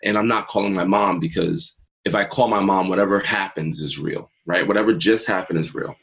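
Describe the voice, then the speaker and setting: A man's voice: sits low, fast, creaky, hardly any pauses, a bit bright, husky, low-quality recording. A man in his forties, an interview guest and mindset coach, telling a personal story earnestly and acting out his own past thoughts.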